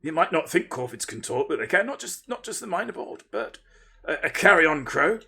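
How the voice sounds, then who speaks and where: A man's voice: on the high side, big pitch swings, a little fast, gravelly, bright, forceful tone, slightly rough. A man from Lincolnshire, casually chatting and rambling playfully as a livestream host, thanking viewers and interrupting himself. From Lincolnshire, England.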